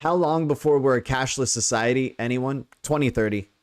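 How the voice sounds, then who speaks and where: A man's voice: medium pitch, moderate pace, smooth. An American man hosting a casual livestream, rambling and checking in with "right?" as he explains. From United States. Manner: rambling, repeats "right?", many fillers. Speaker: crypto livestream host.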